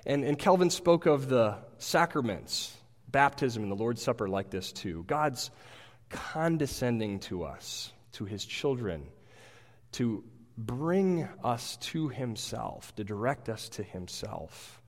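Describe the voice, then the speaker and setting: Pastor preaching in a reverberant church. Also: male voice, mid-range voice, animated. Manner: earnest, halting, repeats words. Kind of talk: sermon. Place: church sanctuary. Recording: long hall reverb.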